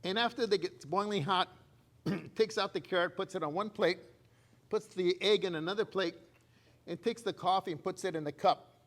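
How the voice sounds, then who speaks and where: A man's voice: high voice, fairly bright tone. An older man giving a prepared speech at a speaking club, telling anecdotes and laughing at his own jokes.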